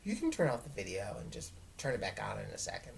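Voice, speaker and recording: A woman teacher speaking to her students in a recorded lesson, friendly and instructive. Her voice is low, yet it swings widely in pitch. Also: huge pitch swings, fast, vocal fry, slight background noise.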